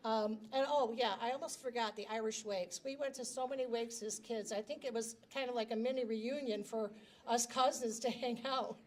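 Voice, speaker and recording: A woman's voice: a little high, fairly even intonation, normal speed. A middle-aged woman giving a prepared personal speech as grand marshal at a reception, talking in a chatty, self-deprecating way into a handheld microphone. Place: reception hall.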